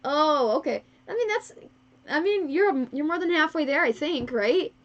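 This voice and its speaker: The audio is dull because this streamer, a woman who makes fursuits, has the wrong microphone on. She sews while chatting with her viewers, giggly and self-mocking, laughing frequently, in a high, expressive voice at normal speed.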